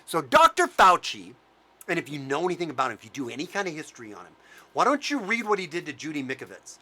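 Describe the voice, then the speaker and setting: A man rants straight at the camera in a bright, high voice that jumps up and down in pitch. His talk is crude and heated, full of swearing and mockery. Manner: profane, heated and mocking. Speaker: vlogger. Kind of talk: angry ranting commentary.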